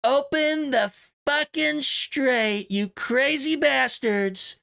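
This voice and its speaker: A man putting on an impression of a brash, blustering older male politician, drawing out his words slowly and emphatically. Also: very high-pitched, creaky, pushed and bright, pitched above the performer's own voice, heavily acted. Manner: slow, drawn-out, emphatic delivery.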